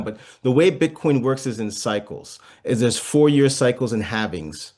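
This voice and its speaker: A man's voice: medium pitch, lively intonation, normal speed, few pauses, a little mellow. Man explaining things plainly. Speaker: guest explaining cryptocurrency. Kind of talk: interview answers.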